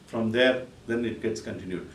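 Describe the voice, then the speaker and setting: A man teaches rhythm, counting beats one by one and then calling out drum syllables louder and more sharply. He stands some distance from the mic, so his voice sounds thin and spread out. The room is echoey, and a faint hiss of noise runs under it. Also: on the low side, moderate pace. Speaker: music teacher. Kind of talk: spoken music lesson with counting and rhythm syllables.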